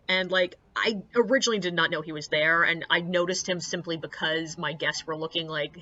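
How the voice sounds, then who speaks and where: A woman's voice: medium pitch, pushed and bright, no room sound, dull audio. A young woman, a tour guide, telling anecdotes in a chatty, casual way, peppered with likes, uhs and swearing. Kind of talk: casual storytelling vlog.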